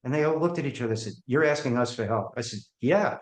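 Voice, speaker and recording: Racing along in a mid-range voice, a podcast guest tells stories from his career in an interview. He animatedly takes on the voices of the people in them, and the recording sounds like an echoey room.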